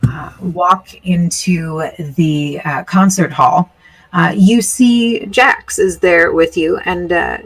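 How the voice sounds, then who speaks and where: A woman narrating as game master of a tabletop game, casual and full of filler pauses. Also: lowish voice, recorded from a distance, rough recording.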